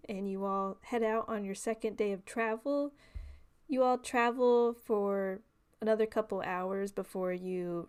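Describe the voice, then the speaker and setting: A woman running a tabletop role-playing game as game master, describing scenes in a measured, descriptive way. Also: fairly high pitch, clean tone.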